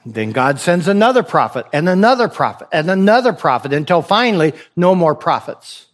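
A pastor addresses his congregation at a moderate pace, his voice a little high and expressive. Through rhetorical questions and repeated phrases, he presses his point and exhorts his listeners.

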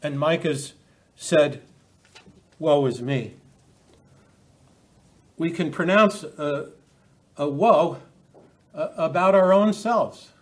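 Male preacher, higher than average pitch, halting delivery with frequent restarts, scripture-heavy sermon. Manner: halting, repeats words, quotes scripture with rising emphasis.

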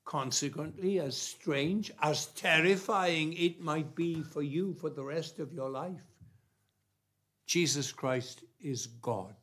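A man preaching a sermon, emphatic and repetitive, with long pauses between phrases. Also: fairly high pitch, a bit bright.

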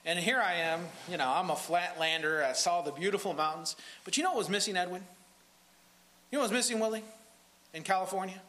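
A man's voice: high-pitched, fairly quick, pushed and bright, echoey room, poor audio. A man preaching a sermon as pastor of a church, with an emphatic delivery that rises and falls.

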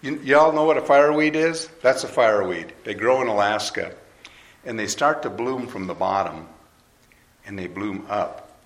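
Low-voiced man preaching in a roomy hall. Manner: conversational, asks the audience questions. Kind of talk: sermon. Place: hall with an audience. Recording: roomy hall, faint noise.

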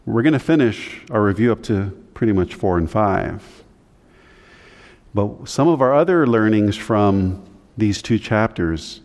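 A male pastor giving a conversational teaching sermon, his voice climbing higher when he stresses a point. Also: a little mellow. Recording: long hall reverb.

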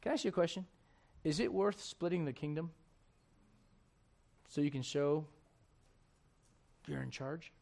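A man's voice: a little high, a little slow, gravelly, pauses often, a little mellow. A man, preaching a sermon in a conversational, storytelling way full of rhetorical questions.

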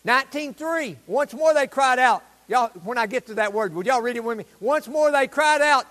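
A pastor preaching in a church, his voice riding very high and swinging widely in pitch. He is exuberant and bursts into loud proclamations. The sound carries a long reverb from the church hall. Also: animated, moderate pace, few pauses. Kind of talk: sermon. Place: church sanctuary.

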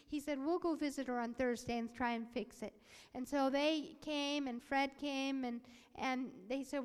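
A woman's voice: high voice, moderate pace, clear, resonant tone. A woman voicing a preacher's sermon and personal testimony, telling the story with animation, acting out the quoted voices and sometimes dropping to a whisper. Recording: long hall reverb.

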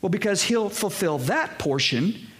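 Male pastor, high-pitched, emphatic sermon delivery with casual asides. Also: lively intonation, a little slow. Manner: emphatic preaching, swings between raised and hushed delivery; conversational asides to the congregation.

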